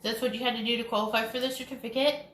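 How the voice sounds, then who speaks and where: Bright, giggly woman. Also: a little high, level tone, racing, a little hiss or hum. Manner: giggly, chatty, rambling. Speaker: co-host of a live stream. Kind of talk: casual chat. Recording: echoey room.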